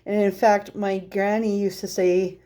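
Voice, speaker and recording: A woman talks through a tarot reading in a loose, rambling way, laughing as she goes. Her voice is mellow and warm, at a middle pitch. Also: little pitch movement, measured pace. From Norwegian heritage. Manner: chatty and rambling, laughing often. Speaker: tarot reader. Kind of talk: casual spoken tarot reading.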